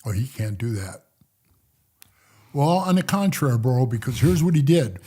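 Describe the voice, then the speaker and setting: A middle-aged man telling prison stories as a podcast guest, blunt and profane, often dropping to low mutters as he recounts conversations. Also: expressive, moderate pace, pauses often, mellow, husky. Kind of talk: casual storytelling interview.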